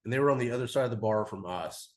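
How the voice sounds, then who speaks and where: A man's voice: mid-range voice, rapid-fire. A man in his forties, a podcast guest, telling a travel story in a loose, rambling way full of "like" and casual swearing. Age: 40s. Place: cigar podcast studio.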